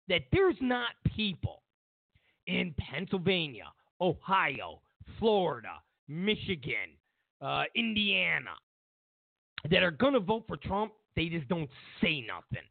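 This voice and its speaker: A man's voice: high-pitched, sing-song, slow, gravelly, no room sound. A man hosting a talk show, delivering a rambling political monologue with many repeated words and restarts. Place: Los Angeles. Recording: dry, tinny phone-like sound.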